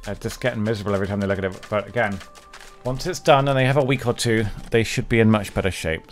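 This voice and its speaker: A man's voice: lowish voice, quick pace, faint music behind. A man casually talking his way through a strategy game as a streamer, chatting and muttering to himself and his characters. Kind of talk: casual gameplay commentary.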